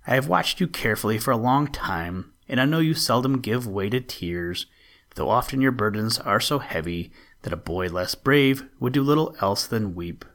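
A man voicing a kind, solemn old male saint in a read-aloud storybook, speaking with measured authority. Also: medium pitch, animated. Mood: gentle. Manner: gentle, then solemn and commanding.

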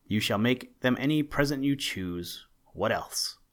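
A man voicing a jolly, brisk old Santa Claus in a storybook, with a hearty, commanding manner. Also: mid-range voice, animated, natural voice.

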